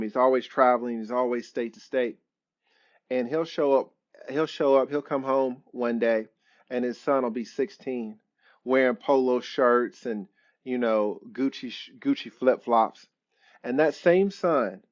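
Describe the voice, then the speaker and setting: A man's voice: mid-range voice, muffled recording. A man who is an attorney, hosting a live stream Q&A and answering viewers in an emphatic, repetitive, preachy way.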